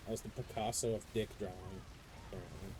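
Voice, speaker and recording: A young adult man streaming a game, chatting casually and ranting in profane, animated stories. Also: on the low side, fast, noisy background. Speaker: live streamer. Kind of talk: casual chat while gaming.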